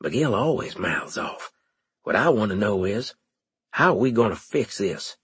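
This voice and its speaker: A man's voice: a little high, animated, moderate pace, breathy edge, no room sound, voice pushed up. A man voicing a laid-back, blunt male officer with a wry edge.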